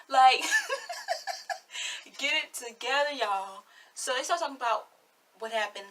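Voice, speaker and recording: A woman's voice: on the high side, very animated, normal speed, fairly bright tone, distant mic. An eighteen-year-old woman giving sassy, blunt, chatty commentary on a reality show in her vlog. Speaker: vlogger.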